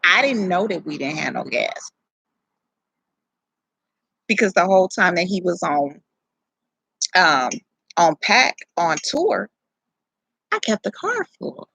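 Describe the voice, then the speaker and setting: Gravelly, husky woman telling a story. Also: fairly low pitch, slow, long pauses, no room sound, rough recording. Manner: animated, profane, rambling with self-corrections. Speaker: vlogger telling her birth story. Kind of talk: casual storytelling.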